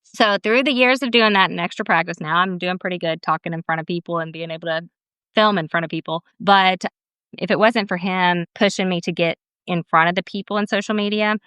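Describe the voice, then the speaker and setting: Her fairly low voice moves briskly and smoothly, with no echo, as this woman, an esthetician who owns a business, shares stories in an informal interview. She's talkative, laughs frequently, drops in animated quotes from others, and calls herself camera shy.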